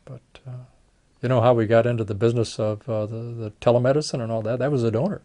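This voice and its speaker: A man's voice: mid-range voice, fairly even intonation, quick pace, dark tone. An older man, a retired plastic surgeon, telling folksy stories in an oral history interview and acting out the voices of people he quotes.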